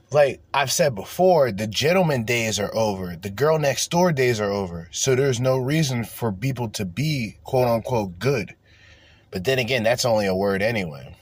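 A man's voice: medium pitch, husky, dry recording. A man hosting a solo podcast, ranting profanely and breaking into mocking voices. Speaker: podcast host.

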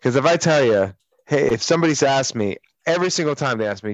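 A man's voice: mid-range voice, lively intonation, fast talker, no room sound, lo-fi sound. A man co-hosting a radio show, telling stories in casual banter with a crude, profane, sardonic manner. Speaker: radio co-host.

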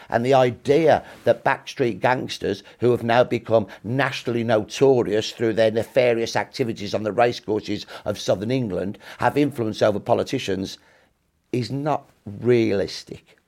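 A man's voice: medium pitch, moderate pace, a little mellow. A man in his sixties, a historian guest telling history in emphatic, punchy short clauses during an interview.

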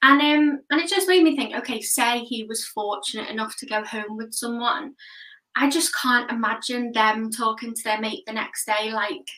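A woman's voice: a little high, normal speed. A woman performing a stand-up comedy set, telling crude stories. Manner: deadpan storytelling with crude punchlines. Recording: roomy echo from a distant mic.

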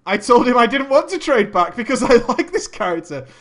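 A man tells a gaming story and keeps breaking off for jokes and mock outrage. His voice sits high, and he curses freely and laughs between lines. His tone swings widely from phrase to phrase. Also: big pitch swings, fairly quick, fairly bright tone. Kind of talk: comic reading with commentary.

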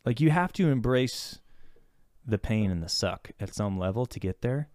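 A man's voice: medium pitch, animated, moderate pace, darkish tone, no room sound, clean studio sound. A man speaking as a therapist in a casual podcast chat, reflective and searching, often restarting his sentences as he works his thoughts out.

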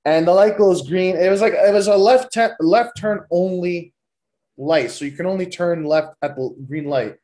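Young guy on a podcast, kinda higher voice, swears a lot and rambles through crude funny stories. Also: normal speed, warm tone. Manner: profane, rambling, loose and joking. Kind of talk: casual storytelling.

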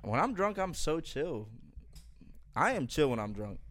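A man's voice: a little high, very animated, unhurried, a bit bright. Young man telling casual podcast stories. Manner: loose, profane, laughing storyteller. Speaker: podcast host.

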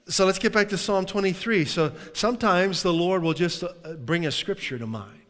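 A man preaching in a conversational, animated way, sometimes dropping to a hushed tone. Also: a little high, a little fast, few pauses, a little hiss or hum. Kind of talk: sermon. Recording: long hall reverb.

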